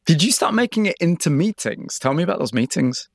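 A man's voice: a little high, lively intonation, brisk, creaky, dry recording, studio quality. Man interviewing with probing questions. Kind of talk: conversational interview.

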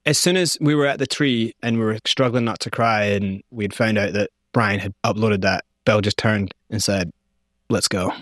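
A man, an interview guest, telling his story in an animated, conversational way. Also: on the low side, moderate pace, few pauses, no echo, clean studio sound. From Scotland.

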